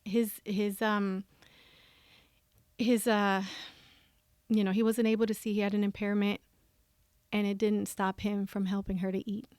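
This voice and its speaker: A woman's voice: medium pitch, unhurried, long pauses, clean tone, no echo, clean studio sound. A woman guest on a podcast, talking candidly and animatedly, often laughing and acting out what she and others said. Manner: animated, laughs often, acts out her own quoted thoughts. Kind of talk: candid conversational storytelling.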